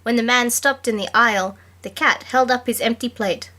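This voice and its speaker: A woman's voice: fairly high pitch, normal speed, pushed and bright. A woman guest on a podcast, reading book passages aloud and chatting in a dry, easygoing way.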